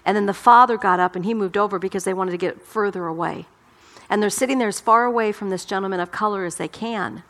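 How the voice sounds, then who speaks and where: A woman's voice: medium pitch, fast, a bit bright. A middle-aged woman pastor delivering a sermon, emphatic and impassioned, often repeating her words.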